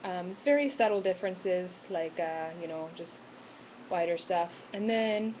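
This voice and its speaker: A woman's voice: on the low side, moderate pace, a little hiss or hum. Rambling woman vlogging, muffled. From Canada. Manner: rambling, lots of "um" and "like". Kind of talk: casual talk to camera.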